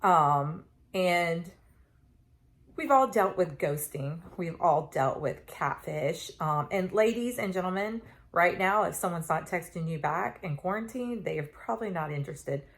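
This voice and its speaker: A woman's voice: fairly low pitch, lively intonation, unhurried. A woman, telling stories in a casual chat to camera, full of ums and asides. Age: 40s. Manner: chatty storytelling with many fillers. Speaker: vlogger.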